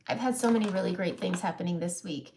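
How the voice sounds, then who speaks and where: A woman's voice: on the low side, fast, darkish tone, a little hiss or hum. A woman in her thirties talking candidly on her live makeup vlog, emotional and close to tears, laughing through it. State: close to crying. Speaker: makeup seller and vlogger.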